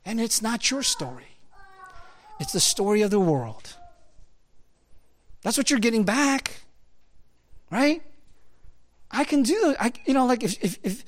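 A man preaching a sermon in a conversational, animated way, full of fillers and acted-out asides. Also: very high voice, a little slow, pauses often.

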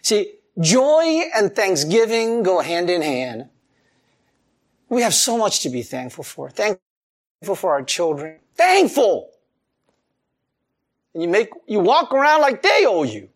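A male pastor preaching a sermon in an animated way, chuckling often and swinging between loud emphasis and soft, low asides. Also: unhurried.

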